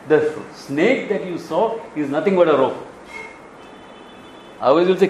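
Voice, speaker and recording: A Kerala-born Indian spiritual teacher gives a Vedanta discourse in an echoey hall, telling stories animatedly, acting out dialogues and chuckling often. His voice is a little high and slow, with long pauses. A faint hiss or hum sits under it.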